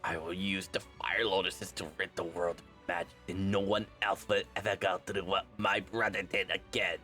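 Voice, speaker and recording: A man voicing a grim young male zealot who vows to rid the world of magic, speaking low and solemnly. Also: little pitch movement, normal speed, bright, forceful tone, soft background music.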